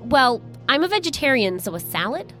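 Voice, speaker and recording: A woman playing a tabletop game in casual chat, quick-witted and joking. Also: high-pitched, very animated, a bit bright, soft background music. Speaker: player.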